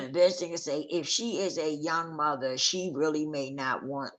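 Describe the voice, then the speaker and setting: A woman's voice: low-pitched, steady tone, measured pace, a bit bright. A woman vlogger talking candidly and emphatically to her viewers in casual chat, swearing freely.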